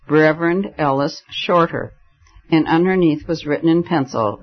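A man's voice: fairly high pitch, dull audio. A man reading a story aloud as an audiobook narrator, giving the characters light voices in the dialogue. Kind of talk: scripted narration.

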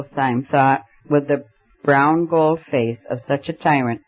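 A man giving a measured, scripted audiobook narration of a classic novel. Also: on the high side. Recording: dull lo-fi recording.

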